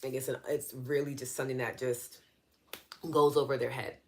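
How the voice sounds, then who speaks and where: A woman's voice: a bass voice, flat delivery, moderate pace. A woman with a New York accent hosting a live online teaching session, explaining earnestly in a conversational way and responding to viewer comments. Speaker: EFT session host.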